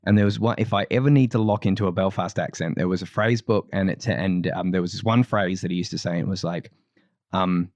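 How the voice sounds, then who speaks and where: A man's voice: sits low, fast, a little mellow, dry recording. A man co-hosting a podcast, telling rambling family stories in casual chat, laughing often and restarting his sentences. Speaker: podcast co-host.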